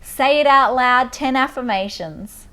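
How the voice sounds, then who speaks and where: A woman coaching listeners through a guided tapping meditation, giving slow, soothing instructions and affirmations. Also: high-pitched, pushed and bright.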